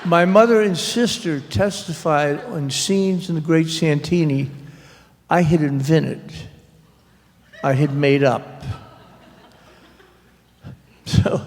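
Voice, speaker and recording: A man speaks with a slightly high, gravelly voice, recounting family stories in a wry, halting way full of fillers. He is an author at a library talk, and his voice rings out in a reverberant hall. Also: a little mellow. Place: public library event hall.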